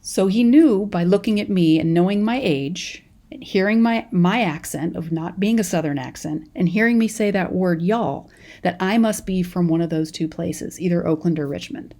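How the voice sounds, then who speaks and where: Californian woman professor, young adult, low mellow voice, relaxed chatty lecture style. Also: normal speed. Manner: conversational, storytelling teacher with many restarts. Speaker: college professor. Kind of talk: recorded lecture.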